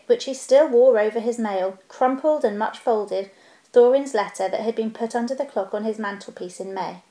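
A woman narrating a storybook aloud in a calm, steady storytelling voice. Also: on the high side, moderate pace. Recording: roomy echo.

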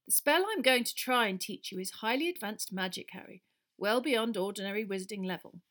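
A woman reading an audiobook, voicing a calm, kindly male wizard teacher who explains in a measured, patient way. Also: mid-range voice, lightly acted. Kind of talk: audiobook character voice.

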